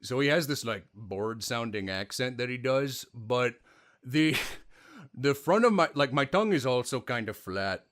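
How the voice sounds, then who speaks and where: A man hosting a casual chat about voice acting, animated and breaking into demo voices, his voice tired after a long day. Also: medium pitch, unhurried. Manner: animated, demonstrates voices mid-sentence. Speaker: podcast host.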